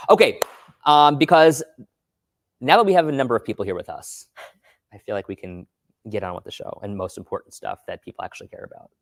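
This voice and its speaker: A man's voice: fairly low pitch, fairly quick, vocal fry, no echo. A man co-hosting a morning TV show, chatting in a playful, teasing way. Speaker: morning TV co-host. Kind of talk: casual studio chat. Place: TV studio.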